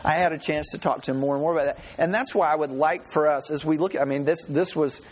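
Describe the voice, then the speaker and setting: Here is a man preaching in an easygoing, storytelling way, his voice a little husky and sitting slightly higher than most men's. He works through the scripture conversationally and often stops to restart a phrase. His delivery is informal rather than polished. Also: fast talker. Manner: folksy storytelling with frequent restarts. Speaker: pastor. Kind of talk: conversational sermon.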